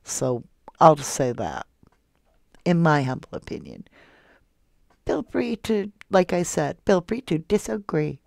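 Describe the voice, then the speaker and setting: A soft-spoken woman hosting a true crime livestream, reading viewer comments aloud and calling her viewers love and honey. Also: deep voice, very animated, measured pace, creaky, long pauses, no room sound, studio quality. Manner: affectionate toward viewers, calls them love and honey. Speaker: true crime channel host.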